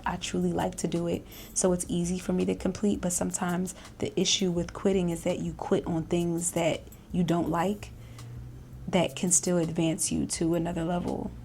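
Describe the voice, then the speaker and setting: A woman vlogger chats casually in a lowish, gravelly voice, circling back on her words with fillers and restarts. Faint noise sits under the recording. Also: mellow. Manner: chatty, self-reflective, many fillers and restarts, laughs often. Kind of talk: casual reflective chat.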